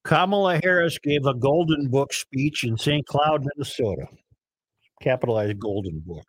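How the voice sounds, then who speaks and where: A man's voice: mid-range voice, animated, normal speed, slightly rough, no echo. A man hosting a podcast, dictating headlines and bantering bluntly with his co-hosts. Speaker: podcast host. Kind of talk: casual studio banter.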